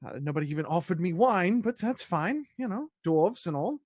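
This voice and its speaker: A man voicing a fussy male courtier who is prim, mildly huffy and soft-spoken in a tabletop game. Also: high voice, animated, moderate pace, no room sound, studio quality.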